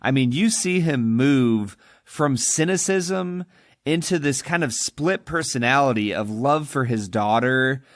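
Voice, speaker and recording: A man's voice: medium pitch, expressive, unhurried, no room sound, studio quality. A man co-hosting a podcast, talking about a film in an emphatic, opinionated way. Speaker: podcast co-host. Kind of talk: casual film discussion.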